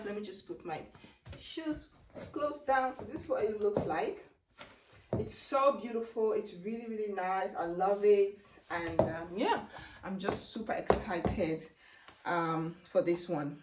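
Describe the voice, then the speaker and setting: A woman in her thirties chatting excitedly and rambling in a casual try-on haul vlog at home. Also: medium pitch, heavy background noise. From Netherlands. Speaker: beauty vlogger. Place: home room. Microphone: camera set down, handheld mic removed.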